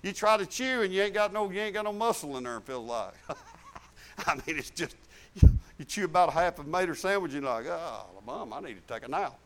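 A man's voice: high voice, expressive, brisk, fairly bright tone, a little hiss or hum. A middle-aged man preaching a sermon in a folksy, emphatic way, repeating phrases for stress.

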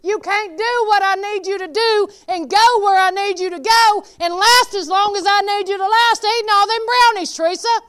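A woman acting out her own inner spirit, scolding her in a loud, drawn-out way. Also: very high voice, voice pushed up.

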